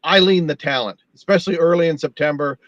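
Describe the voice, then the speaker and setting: A man as a football analyst guest, talking in a measured way and building his points with statistics. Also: a little high, fairly bright tone, dry recording, highs cut off. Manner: measured, builds arguments with stats. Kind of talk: analytical panel talk.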